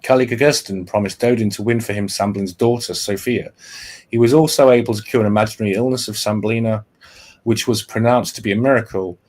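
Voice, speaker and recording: A man's voice: on the low side, fairly quick, darkish tone. A male podcast host explaining a historical plot in casual talk. He reads from notes and keeps stopping to restart and correct himself.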